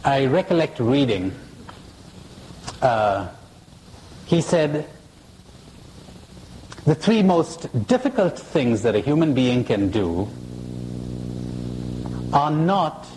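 A man giving a live spiritual talk to an audience in a hall, slow and emphatic, playful with rhetorical questions. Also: medium pitch, noisy background. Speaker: spiritual speaker.

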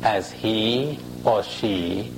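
A man giving a live spiritual talk to an audience in a hall, slow and emphatic, playful with rhetorical questions. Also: fairly low pitch, gravelly, background noise. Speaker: spiritual speaker.

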